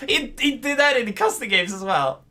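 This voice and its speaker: A young man casually co-casting an amateur esports match, excitable, swearing, laughing and shouting at big plays. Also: very high-pitched, fairly quick. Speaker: co-caster.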